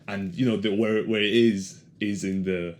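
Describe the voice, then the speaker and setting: A man's voice: on the low side, fairly even intonation, moderate pace. A man with a Spanish accent hosting a casual interview, rambling and searching for words. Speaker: podcast host.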